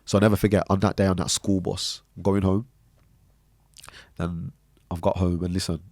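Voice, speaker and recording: A young man from Birmingham, a podcast guest telling a personal story in an animated way that often checks in with the listener. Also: deep voice, normal speed, no echo, clean studio sound. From Birmingham, England. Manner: animated storyteller, often tags lines with "right?".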